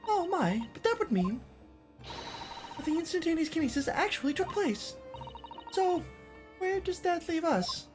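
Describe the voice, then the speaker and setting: A man putting on an eager young woman assistant, her voice lifted high and genteel as she reads her lines in a game dub. She sounds polite and curious, with music playing behind. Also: very animated, unhurried, long pauses, full character voice. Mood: prim, curious.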